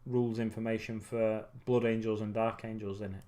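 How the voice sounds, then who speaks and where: A man hosting a relaxed hobby livestream, talking while he builds miniatures in a rambling, musing way with many pauses and self-corrections. He sounds a little tired. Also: on the low side. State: getting tired.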